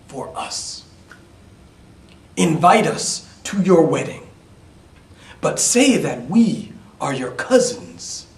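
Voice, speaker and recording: A man voicing three odd spinner women from a fairy tale, making a slow, coaxing bargain. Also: sits low, full character voice. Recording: roomy, distant mic.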